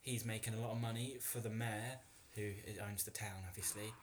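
A man's voice: fairly low pitch, fairly even intonation, brisk, background noise. A man playing along in a comedic podcast chat, rambling as he thinks aloud. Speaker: player.

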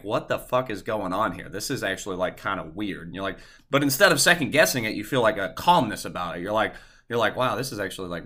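A man's voice: medium pitch, bright, forceful tone. A young man telling a long personal story in casual chat, swearing often and filling with "like". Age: young adult. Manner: profane, rambling, heavy on "like".

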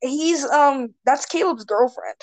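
High-voiced teen girl hosting a chat with friends, teases everyone, keeps moving the topics along. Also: takes it slowly, darkish tone. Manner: teasing, giggly, steers the topics. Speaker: podcast host. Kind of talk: casual chat among friends.

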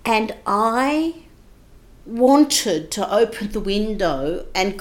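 A woman recounting a painful childhood memory in an interview, moving between hushed passages and raised, intense moments. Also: mid-range voice, lively intonation, drawn-out words. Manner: vivid, emotional retelling with shifts between hushed and raised intensity. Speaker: guest recounting her childhood. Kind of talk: personal storytelling.

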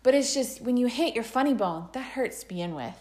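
A woman's voice: fairly high pitch, animated, brisk, a little mellow. A woman in her thirties casually telling a story in a chat, often laughing as she talks.

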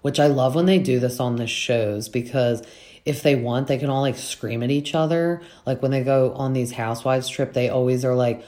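Low-voiced chatty woman recapping. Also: fairly even intonation, normal speed, mellow. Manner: chatty, fillers, acts out quotes from the cast. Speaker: podcast host recapping reality TV. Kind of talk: casual chat recap.

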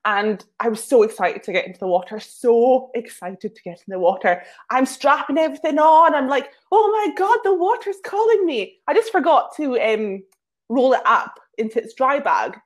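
A woman with a fairly high voice tells casual stories as a guest. Her talk is chatty and self-mocking, peppered with filler words. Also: lively intonation, normal speed. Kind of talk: casual storytelling.

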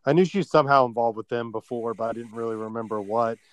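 A man's voice: medium pitch, fast talker, no room sound. A man co-hosting a casual wrestling chat, enthusiastic and laughing often. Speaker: podcast co-host.

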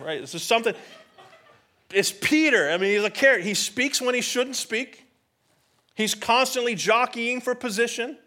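Male pastor, sermon, slightly high voice, conversational, emphatic, rhetorical questions. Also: fairly bright tone.

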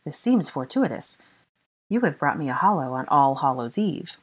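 Sly, prying French aristocrat with a lively, swooping delivery, put on by a woman audiobook reader. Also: low-pitched, moderate pace, breathy edge, heavily acted. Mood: suave, inquisitive. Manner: polite and probing. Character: sly, courteous older French marquis, curious and prying.

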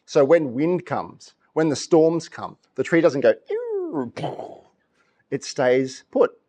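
A man's voice: mid-range voice, measured pace. A middle-aged man preaching a sermon, telling stories with laughs and acted-out voices. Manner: animated storytelling, laughs often, acts out voices. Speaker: pastor.

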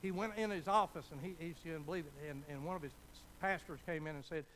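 A man's voice: a little high, quick pace, fairly bright tone, slight background noise, poor audio. A man preaching a sermon, telling a folksy story as pastor and building to fervent appeals.

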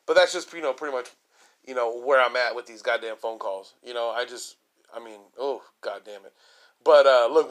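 Male podcast comic, mid-pitched, profane rambling rant. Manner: rambling, swears constantly, heavy fillers like "you know". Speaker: comedy podcast host. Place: lives in a large Texas city.

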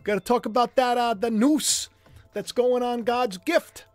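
A man hosting a livestream commentary show, excitable and animated, chatty with jokey asides. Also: very high voice, measured pace, dry recording, faint music behind. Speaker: host.

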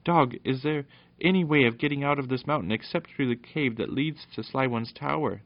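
A man's voice: medium pitch, fairly quick, pitched above the performer's own voice, lightly acted. A man voicing an anxious young boy in a raised, urgent voice, on a dull lo-fi recording. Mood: alarmed.

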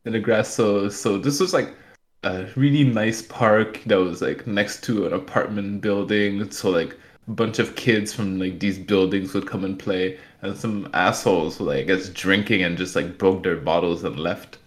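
Young guy, lowish voice, loose jokey podcast chat, lots of "like". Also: steady tone, normal speed. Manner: rambling, jokey, filler-heavy. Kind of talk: casual chat.

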